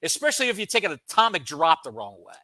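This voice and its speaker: Animated high-voiced man telling stories. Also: no room sound. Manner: animated, comic storytelling with dramatic pauses. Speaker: podcast co-host. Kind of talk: casual storytelling.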